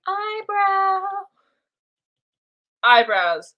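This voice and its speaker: Young woman streamer, high lively voice with a bright edge, playful self-talk over her drawing. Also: unhurried. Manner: playful, talks to herself while drawing. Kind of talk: casual live drawing stream chat.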